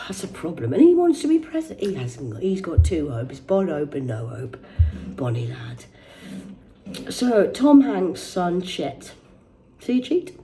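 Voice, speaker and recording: A woman's voice: fairly low pitch, wildly swooping pitch, a little slow, pauses often, mellow, slight background noise. A woman reading out celebrity news and ranting about it in a casual, rambling, sweary way. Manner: rambling, sweary, digressive, mock-indignant.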